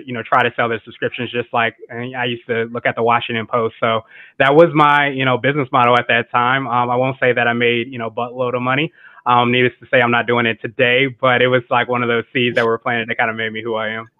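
A man joins the interview over a tinny, phone-like remote line, his voice dry with no room around it. He talks in a relaxed, rambling way, full of "um" and "like", at an ordinary mid pitch. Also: a little fast, no echo. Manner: relaxed, frequent fillers like "like" and "um". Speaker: guest entrepreneur. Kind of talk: casual interview chat. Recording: tinny remote call audio.

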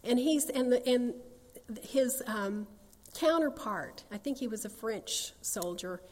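A woman's voice: fairly high pitch, lively intonation, slow pace, darkish tone, in a large hall. A woman, sharing her personal testimony in a folksy, earnest storytelling manner. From North Carolina, USA. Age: 60s.

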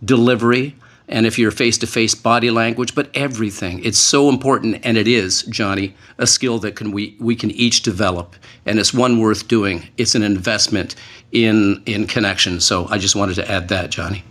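A man who was once a hostage negotiator, speaking as a panel guest in an earnest, measured way and slowing down to stress key words. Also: on the low side, fairly even intonation, fairly bright tone. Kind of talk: panel discussion.

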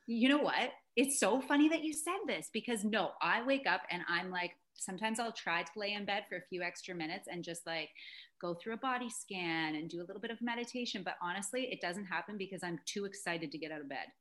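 A woman's voice: medium pitch, fairly quick. Woman, 30s, podcast guest, casual chat, cheerful and giggly. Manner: cheerful, giggly, warmly enthusiastic.

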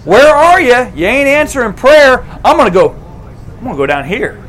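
A man's voice: very high voice, big pitch swings, moderate pace, fairly bright tone, voice pushed up, full character voice. A man voicing a chatty, impatient male patriarch who talks to God in casual modern slang. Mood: exasperated.

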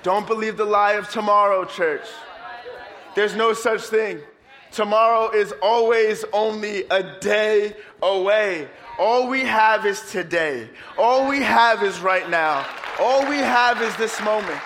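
A man preaching a sermon as pastor, lively and playful with his congregation. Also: high voice, takes it slowly, some chatter behind. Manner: energetic, playful preaching, leads congregation in song.

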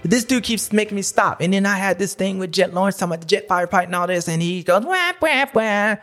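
A man's voice: high-pitched, steady tone, quick pace, a bit bright, faint music behind. A man hosting a motocross recap show, ranting in a playful, self-mocking, grumpy way. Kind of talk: casual ranting commentary.

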